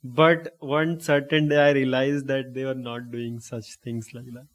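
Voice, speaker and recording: A man's voice: mid-range voice, level tone, measured pace. A young man from India with an Indian English accent, telling a long personal story in a casual, rambling way and often checking in with "right?". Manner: rambling, with frequent "right?" and self-corrections. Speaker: host.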